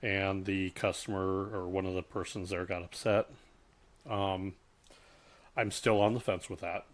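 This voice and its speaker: A middle-aged man co-hosting a casual podcast chat, talking in halting starts with many fillers and restarts. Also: sits low, level tone. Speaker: podcast co-host.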